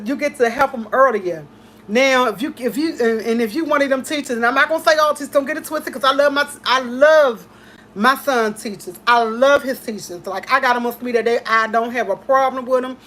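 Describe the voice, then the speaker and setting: A woman with a fairly high voice talks in a casual, heartfelt way, repeating her points with excited emphasis. A faint hiss sits under her speech. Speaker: host. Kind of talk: casual chat.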